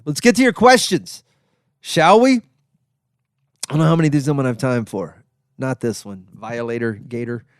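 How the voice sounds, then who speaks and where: A man with a smooth, resonant voice at a middle pitch talks in a loose, joking way, drifting from point to point as a comedian hosting his show. The sound is dry and close, with no room echo. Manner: rambling, joking, self-deprecating. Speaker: comedian and podcast host. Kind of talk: casual solo podcast monologue.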